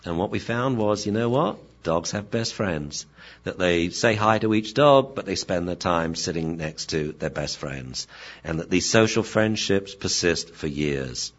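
A man who studies dog behavior, explaining it in a lively, storytelling way. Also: deep voice, measured pace. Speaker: dog behavior expert, lecturer. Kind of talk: explanatory talk. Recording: dull lo-fi recording.

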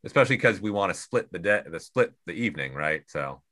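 A man with a very deep voice that still carries a bright edge asks questions in a relaxed, conversational way. He sounds like a co-host in an easygoing chat. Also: a little fast. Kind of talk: casual interview chat.

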